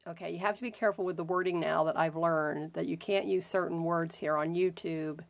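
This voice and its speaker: With a lowish, steady, creaky voice in a dry recording, a woman hosts a crafting video and unboxes happy mail. Her casual chat is full of gushing over each gift, frequent exclamations, and slow, drawn-out delight.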